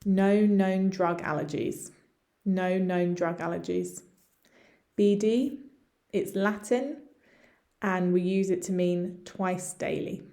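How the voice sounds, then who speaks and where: English woman teaching slow, clear pronunciation. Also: fairly low pitch, warm tone. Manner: slow, clear pronunciation drills, repeating words. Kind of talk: lesson narration over slides.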